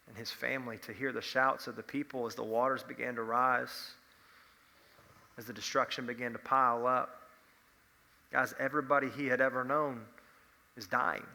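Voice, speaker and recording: A man preaching a youth sermon, telling the story with lively energy and acting out imagined voices. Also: medium pitch, moderate pace, vocal fry, long pauses, long reverb tail. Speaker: youth pastor.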